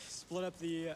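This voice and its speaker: A man giving relaxed, casual commentary on his part of a speedrun. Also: a little high, background noise.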